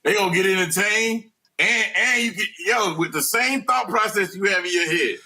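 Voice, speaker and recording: A man's voice: high voice, moderate pace, noisy background. A man who founded a radio network, talking as a podcast guest in a rambling way with many restarts. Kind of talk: casual interview chat.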